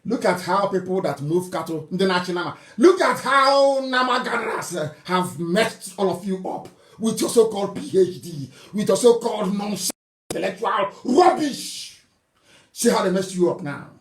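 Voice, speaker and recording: A man's voice: high voice, lively intonation, normal speed. A man from southeastern Nigeria, giving a fiery political broadcast, scolding and mocking his listeners with scornful laughs. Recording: roomy echo.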